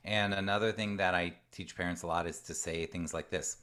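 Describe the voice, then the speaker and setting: A man's voice: deep voice, fairly even intonation, fairly quick, hardly any pauses, a bit bright. A man coaching parents in an online presentation, earnest and conversational, now and then acting out what a parent or child might say. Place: home room with a door.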